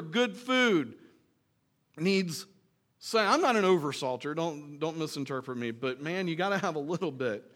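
A man pastor preaching a sermon in a church, earnest and emphatic, dropping into quiet, joking asides. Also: a little high, expressive, moderate pace.

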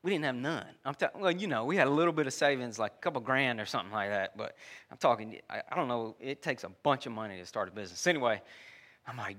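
A man delivers a relaxed, talky sermon. His voice is bright and forward and sits at an ordinary middle pitch. He often restarts sentences and calls the listeners "y'all.". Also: fast. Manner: conversational, uses dude and y'all, many restarts. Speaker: preacher. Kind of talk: sermon with personal story.

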